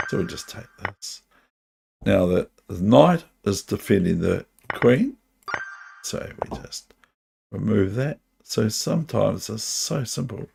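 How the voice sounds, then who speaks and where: Gravelly New Zealand man muttering over chess. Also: on the low side, noisy background. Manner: muttering to himself, self-mocking. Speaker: chess streamer. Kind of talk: live online chess commentary.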